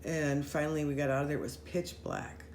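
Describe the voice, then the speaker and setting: A woman telling a story in casual chat with friends, animated, running her sentences together and acting out what people said. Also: low voice, brisk. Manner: animated, acts out quoted voices, run-on sentences. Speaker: storyteller recounting a paranormal experience. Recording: roomy echo with faint noise.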